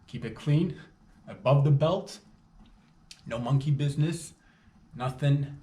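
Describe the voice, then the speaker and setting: A man from Canada giving a rambling, animated comedic monologue full of jokey asides and sudden loud bursts. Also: a little high, takes it slowly, pauses often, slight background noise. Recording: roomy echo, faint background ambience.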